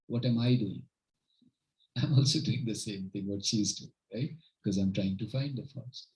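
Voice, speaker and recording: A man speaking in an everyday mid-range voice, giving an informal devotional talk to a small gathering in a home. He is earnest and tells stories, often pausing to check that his listeners are following. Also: mid-range voice, warm tone, rough recording. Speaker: spiritual teacher leading a home gathering.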